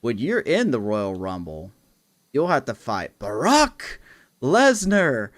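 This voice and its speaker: A man mimicking a slow, measured wrestling manager. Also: medium pitch, huge pitch swings. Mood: dismissive. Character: calm, slow-talking male wrestling manager.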